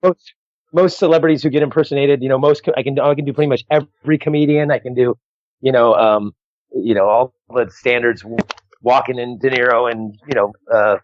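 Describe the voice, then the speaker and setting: A man's voice: medium pitch, fairly even intonation, brisk, no room sound. A man, a guest comedian, chatting loosely over a call through a phone earpiece, stumbling and laughing through retakes. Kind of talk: casual chat over a call. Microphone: phone earpiece on a video call. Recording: dull lo-fi call audio.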